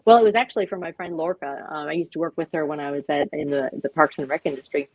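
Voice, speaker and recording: A woman speaking as a guest on a video-call show, talking with animated enthusiasm and acting out little quoted voices. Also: low-pitched, fast, dry recording, poor audio. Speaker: guest, dog park expert.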